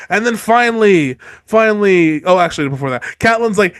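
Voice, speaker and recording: Lively high-voiced man chatting. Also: smooth, no echo, clean studio sound. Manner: animated, laughs often, acts out characters in quick voices. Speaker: podcast host. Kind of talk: casual book discussion chat.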